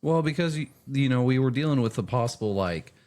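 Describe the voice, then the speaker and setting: A man's voice: mid-range voice, animated, fairly quick, a little mellow. A man hosting a casual podcast chat, telling the story of his trip. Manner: chatty, storytelling trip recap. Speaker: podcast host.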